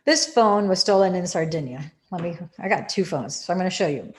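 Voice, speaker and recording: Soothing low-voiced woman meditation teacher. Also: animated. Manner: slow, soothing, drawn-out phrasing; earnest, emphatic teaching. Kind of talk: guided meditation and spiritual talk.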